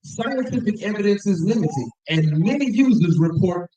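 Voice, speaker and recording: A man's voice: high-pitched, lively intonation, moderate pace, dark tone. A man teaching a Bible class, reading aloud and commenting, with calls for the class to repeat after him. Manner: reads aloud and comments, call-and-response. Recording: roomy, distant, dull sound.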